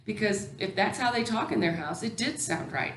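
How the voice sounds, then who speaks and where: A woman's voice: medium pitch, lively intonation, normal speed, a bit bright, reverberant, slight background noise. A woman teacher educator giving a recorded lecture, explaining patiently with many ums and restarts.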